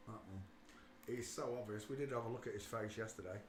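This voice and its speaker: A man hosting a casual livestream, talking emphatically and swinging between quiet muttering and loud outbursts. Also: lowish voice, a little fast, roomy sound, a little hiss or hum. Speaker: livestream host.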